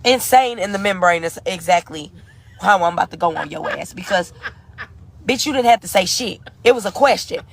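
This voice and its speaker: A woman's voice: on the low side, lively intonation, moderate pace, creaky, a little hiss or hum. A grieving woman ranting furiously in a live video, cursing and defiant, repeating herself. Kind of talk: angry profane rant.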